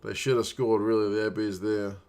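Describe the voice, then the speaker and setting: A man's voice: lowish voice, level tone, fairly quick, a little mellow, smooth. Man muttering live rugby reactions. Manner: muttered reactions, urging players on. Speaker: watch-along stream host. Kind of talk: casual live match commentary.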